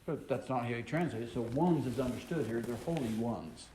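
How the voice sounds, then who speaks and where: A man leads a scripture study, reading each verse aloud before stopping to explain it, often pausing with an um or uh. His voice is mellow and warm. The recording carries a roomy echo with a faint hiss underneath. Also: medium pitch. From American South. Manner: reads scripture aloud then explains it, with many ums and uhs. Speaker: Bible teacher. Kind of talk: Torah study teaching. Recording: echoey room with faint noise.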